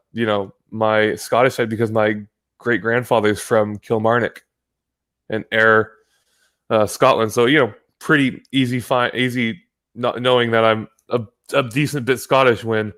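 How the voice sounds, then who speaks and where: A man's voice: fairly low pitch, fairly even intonation, normal speed, fairly bright tone. A man from the United States, a guest on the show, talking in a rambling casual way, swearing freely and often restarting his sentences. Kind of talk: casual chat. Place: home in California.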